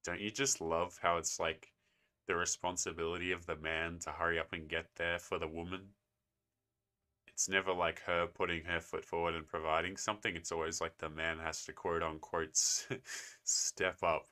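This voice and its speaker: A man's voice: deep voice, flat delivery, normal speed, pushed and bright. A young man hosting a response video, talking in a sarcastic, lecturing way. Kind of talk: casual commentary.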